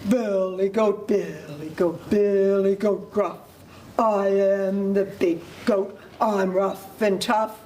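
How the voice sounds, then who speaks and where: A woman storyteller voicing a big, tough billy goat in a firm, lower voice. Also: steady tone, slow, dark tone, distant mic, slight background noise, lightly acted. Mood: boastful.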